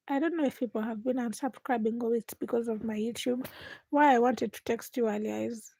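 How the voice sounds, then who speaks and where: A woman's voice: fairly high pitch, vocal fry, mellow, husky. A young woman chatting to her live stream viewers at night while doing chores, sometimes dropping to a whisper. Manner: chatty, talks to viewers while busy, drops to whispers at times. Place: home at night.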